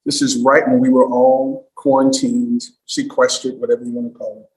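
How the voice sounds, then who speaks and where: A man giving an emphatic livestream talk as a storytelling coach, swinging from loud bursts to hushed asides. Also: medium pitch, little pitch movement, normal speed, roomy sound, rough recording.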